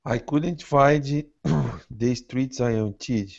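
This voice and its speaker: A man's voice: mid-range voice, drawn-out words, vocal fry, highs cut off. A man learning English in a group lesson, answering with hesitation and restarting his sentences. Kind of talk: answering in class.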